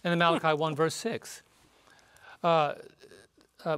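A man's voice: fairly high pitch, flat delivery, a little slow, long pauses, fairly bright tone, smooth. A man teaching on a Bible study panel, reading verses with emphatic, rising emphasis. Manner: emphatic, rises sharply when quoting scripture.

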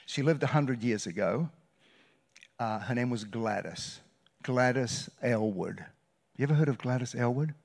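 A man preaching a sermon as a guest pastor, telling a story with loud bursts and hushed, quiet passages. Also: medium pitch, unhurried, gravelly. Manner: animated, shifts between loud bursts and hushed retelling. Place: church sanctuary.

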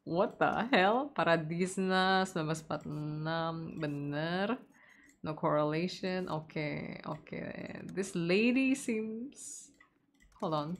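A woman with an Indonesian accent streaming a game, casually chatting, reading the game text aloud and breaking into excited shrieks. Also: on the low side, slow, slight background noise. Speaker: VTuber streamer. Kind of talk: casual gameplay commentary.

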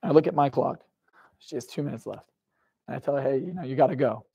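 A man's voice: mid-range voice, fast, creaky, mellow, slightly rough. A young man giving a live motivational talk to an audience, telling an intense personal story, swearing freely and putting questions to the crowd. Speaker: motivational speaker.

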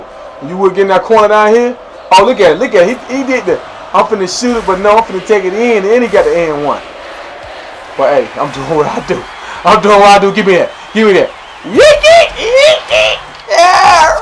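A man's voice: a little high, background noise. A young man giving casual, slangy, playful commentary over his own gameplay, hyping up the plays. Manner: animated, slangy, playful hype.

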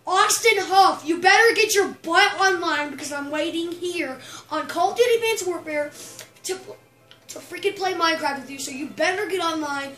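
High, excitable female gamer voice. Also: moderate pace. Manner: excitable, bursts into shrieks and yells. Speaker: gameplay commentator. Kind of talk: casual gameplay commentary. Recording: roomy echo, faint music.

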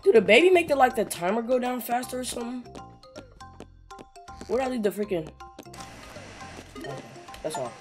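A young woman giving excitable, slangy gameplay commentary, yelling and muttering to herself in bursts. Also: a little high, normal speed, long pauses, soft background music. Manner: yells and laughs in bursts, slangy, mutters to self. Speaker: gaming YouTuber.

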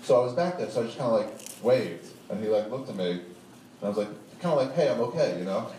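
A man with a fairly low voice tells a profane story live at a quick pace, rambling, animated and laughing at himself. He's a stand-up storyteller, recorded distantly from the audience in an echoey, noisy show venue.

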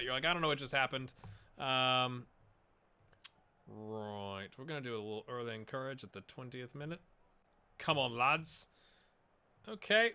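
Man, game commentary, very bright voice, a bit high, chatty, self-mocking. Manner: chatty, self-mocking, cheering his players on. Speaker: gaming YouTuber.

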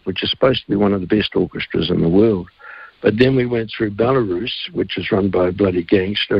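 Gravelly Kiwi singer spinning yarns. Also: male voice, fairly low pitch, no room sound, muffled recording. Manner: rambling, earthy, laughs while telling stories. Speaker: singer-songwriter guest. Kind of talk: casual radio interview storytelling.

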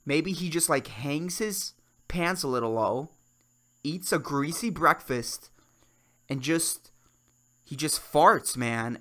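A man's voice: on the high side, bright, forceful tone. A young man hosting a solo comedy podcast, ranting with lots of swearing and swinging between worked-up outbursts and mumbled asides. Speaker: podcast host. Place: Puerto Rico.

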